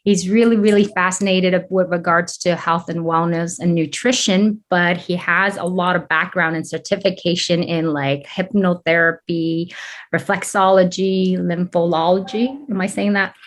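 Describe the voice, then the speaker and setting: A woman's voice: on the low side, steady tone, normal speed. Gushing, upbeat woman podcast host; effusive interviewer who laughs easily. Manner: bubbly, effusive, laughs often.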